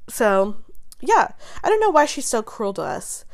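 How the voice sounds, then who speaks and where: A young adult woman hosting casual pop-culture commentary, talking in quick, animated, profane rants with a sarcastic edge and frequent laughter. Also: on the high side. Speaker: host.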